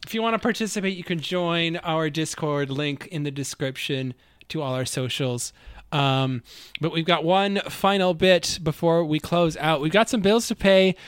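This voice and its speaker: A man with a noticeably high voice co-hosts a casual podcast. He tells his stories animatedly and keeps breaking into laughter. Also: normal speed, clear, resonant tone, dry recording, clean studio sound. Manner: animated storytelling, laughs often. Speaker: podcast co-host. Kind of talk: casual chat.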